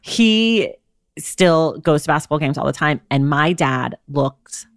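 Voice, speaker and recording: Woman, podcast guest, low voice, dry close sound, playful storytelling. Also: lively intonation, a little slow, no echo. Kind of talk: casual chat.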